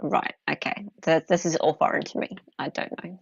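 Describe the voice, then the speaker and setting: A woman's voice: deep voice, steady tone, fairly quick, creaky, breathy edge, dry recording, lo-fi sound. An Australian woman hosting a live stream, bantering bluntly with a co-host. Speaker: livestream host. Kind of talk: casual live-stream chat.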